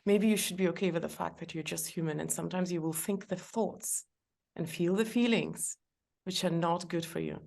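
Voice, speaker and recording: Middle-aged woman with a gravelly, low voice. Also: brisk. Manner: warm, laughs often, gives practical advice. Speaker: guest. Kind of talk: podcast conversation.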